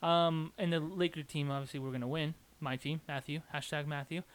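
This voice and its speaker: A man's voice: fairly high pitch, fairly even intonation, brisk, smooth. A young man co-hosting a sports podcast, teasing his co-host and hyping his picks like an announcer. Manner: playful trash talk, hyped announcer bits. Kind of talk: casual sports chat.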